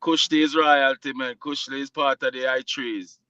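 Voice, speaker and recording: A man's voice: mid-range voice, steady tone, normal speed, dry recording, lo-fi sound. A man speaking as a guest on a casual livestream chat, laid-back and laughing. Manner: laid-back, warm, patois-laced talk.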